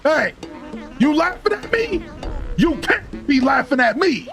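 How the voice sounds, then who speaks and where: A man voicing a grumpy male mole who rants and scolds the player with gruff shouts. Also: extremely high pitch, big pitch swings, measured pace, faint music behind, exaggerated voice. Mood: accusing. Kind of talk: reading game dialogue aloud in character.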